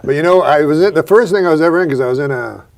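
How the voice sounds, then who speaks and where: A male host telling rambling, profane stories in a deadpan way during a casual comedy chat. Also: on the high side, very fast, gravelly.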